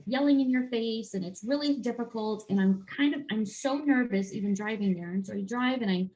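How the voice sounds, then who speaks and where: A woman health and life coach chatting casually in a podcast interview, telling a personal story and acting out her own thoughts in animated bursts. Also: medium pitch, rough recording. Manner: animated, quick swings into acted-out inner voices.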